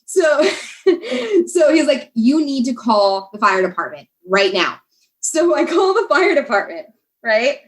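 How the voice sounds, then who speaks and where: A woman's voice: fairly high pitch, very animated, measured pace. A young American woman, a podcast guest, telling a story in casual chat, laughing often and talking with many fillers and restarts. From USA.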